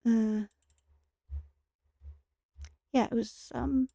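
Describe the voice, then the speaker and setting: A tired woman giving soft-spoken, rambling commentary while she plays a game, with self-deprecating asides. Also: a little high, steady tone, extremely slow, gravelly, breathy edge, no room sound, clean studio sound. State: tired, speaking softer and lower. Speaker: gaming streamer. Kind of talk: casual gameplay commentary.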